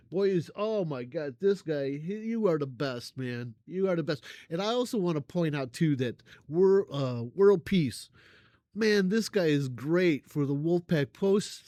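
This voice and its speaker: An older man who runs a music reaction channel chats casually and warmly with his viewers, rambling and halting with plenty of fillers and thanking them effusively. He often coughs and clears his throat, and his fairly high voice is heard in a dry recording.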